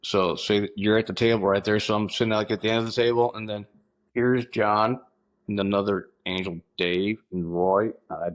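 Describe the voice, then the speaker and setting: Male guest, 50s, from Missouri, low voice; halting personal storytelling with restarts and throat-clearing. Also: steady tone, rough recording. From Missouri, United States. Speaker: podcast guest.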